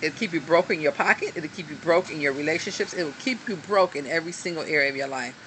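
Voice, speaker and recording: Holding the camera at arm's length, a woman reads from a book in an earnest, encouraging self-help talk, frequently adding ums and asides. She speaks fast in a deep, fairly bright voice, and the recording carries a little hiss or hum.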